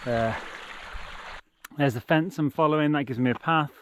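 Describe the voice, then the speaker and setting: A man's voice: fairly high pitch, moderate pace, background noise. A British man vlogging as he backpacks alone, chatty and full of exclamations, talking now and then to his dog. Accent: British English. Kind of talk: casual outdoor vlog narration. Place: outdoors on open hillside.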